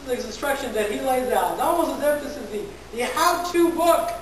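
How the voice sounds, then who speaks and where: A woman pastor preaches in a relaxed, conversational way, stumbling over repeated words and tossing questions to her listeners. Her high voice comes from a distance and rings through a big, echoey church. A faint hiss sits underneath. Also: a little fast. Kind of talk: conversational sermon. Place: large echoey church hall. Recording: very echoey church hall from far off.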